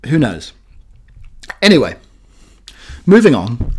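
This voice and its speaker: A man's voice: mid-range voice, normal speed. A man hosting a podcast alone, chatting in a jokey, meandering way full of fillers. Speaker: podcast host. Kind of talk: rambling solo chat.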